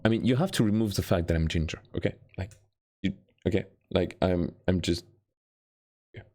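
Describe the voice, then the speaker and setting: While working on a game during a live stream, a man talks casually, mocks himself, and veers between low muttering and excited squeals, all at a normal speed.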